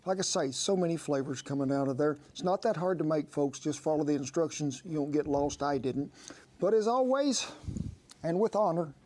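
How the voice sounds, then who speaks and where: A man's voice: fairly high pitch, expressive, moderate pace, darkish tone, slight background noise. Folksy man hosting a cooking show. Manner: folksy, drawling, calls people sugar.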